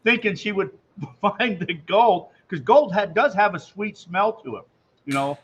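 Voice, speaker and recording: An easygoing man chats casually as host of a radio show. His voice is a little high, and it comes through a muffled, lo-fi line with faint hiss behind it. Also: measured pace, a bit bright. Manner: easygoing, chatty. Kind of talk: casual chat.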